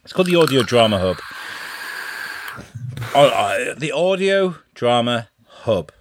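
A man's voice: medium pitch, big pitch swings, measured pace, no room sound, clean studio sound. A man from the UK co-hosting a casual podcast chat, joking, rambling and swearing freely. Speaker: co-host.

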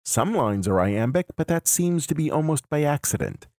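A man hosting a podcast, giving a measured, analytical lecture. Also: a little high, expressive, a little mellow, no room sound, studio quality. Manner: measured, explanatory. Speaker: podcast host.

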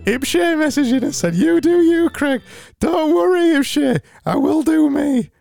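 A man putting on a high, sing-song, over-cheery voice of a forced happy man, with faint music behind. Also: slow pace, a little mellow, no room sound. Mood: gushing.

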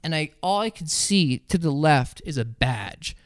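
A man in his twenties telling a story on a podcast, animated, acting out other people's voices and laughing as he goes. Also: on the high side, a little slow, no echo, studio quality. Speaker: podcast co-host. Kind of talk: casual storytelling.

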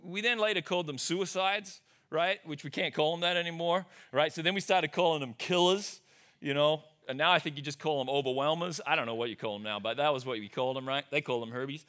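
A man preaching a sermon as a pastor, telling stories in an animated, conversational way. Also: on the high side, quick pace.

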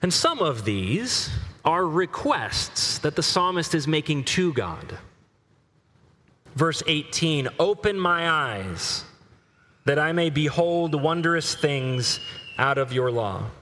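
A middle-aged male preacher giving a sermon, earnestly reading scripture aloud with slow emphasis. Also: fairly high pitch, big pitch swings, sharp tone, long reverb tail.

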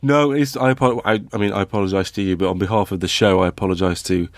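A man co-hosting a podcast in a playful mood, tripping over restarts as he banters. His voice sits on the lower side, and the recording is dry and close. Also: steady tone, fast, no echo. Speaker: podcast co-host. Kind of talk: casual chat.

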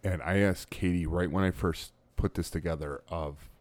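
A middle-aged man hosting a podcast, telling stories in animated, laughing bursts with frequent restarts. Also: low-pitched, moderate pace, dry recording. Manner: animated storyteller, laughs often, stumbles and restarts. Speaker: podcast host. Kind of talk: casual podcast chat.

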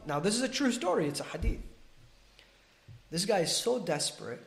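Animated male storyteller, roomy sound. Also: high-pitched, moderate pace, gravelly, long pauses. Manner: animated, acts out dialogue. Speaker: religious scholar guest. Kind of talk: podcast storytelling.

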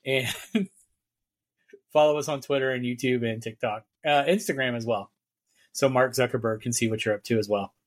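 A man's voice: mid-range voice, steady tone, normal speed. A man co-hosting a casual geek podcast, rambling and laughing often. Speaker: podcast co-host. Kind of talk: casual chat.

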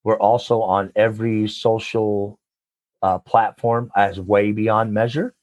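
A man being interviewed as a guest, a nonprofit leader and coach, talking with animated, preacher-like enthusiasm and call-and-response. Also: on the low side, slow pace, no echo.

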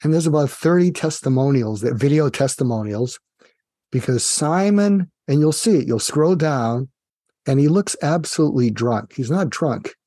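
A man with a warm, relaxed tone tells a story on a conversational interview show. He speaks as a psychiatrist guest, engaging and direct. His sound is dry and close, with no room around it. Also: mid-range voice, moderate pace, no echo. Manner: vivid, addresses host directly, engaging.

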